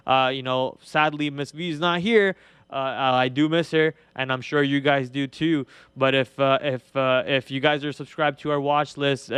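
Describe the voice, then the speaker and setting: A man's voice: medium pitch, a bit bright, smooth, no room sound. A young man with an Indian accent hosts a live trading show, talking casually through charts with lots of fillers and restarts. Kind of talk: live market commentary.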